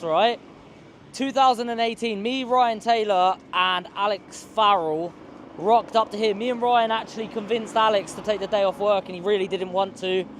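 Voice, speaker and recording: A man's voice: high-pitched, slight background noise. A man, telling a rambling, slangy story to camera outdoors on a city street. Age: 20s. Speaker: vlogger.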